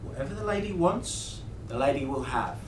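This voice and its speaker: A man's voice: medium pitch, big pitch swings, normal speed, close to an everyday voice. A man voicing a sly male chauffeur who speaks in a mocking, mock-courteous way. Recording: echoey room, distant mic, noise.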